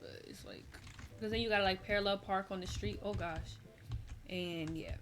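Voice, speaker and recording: A woman's voice: mid-range voice, moderate pace. Sleepy young woman streamer just rambling, lots of slang, keyboard clacking and hiss behind her. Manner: chatty, rambling, relaxed slang. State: tired. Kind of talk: casual gameplay chat.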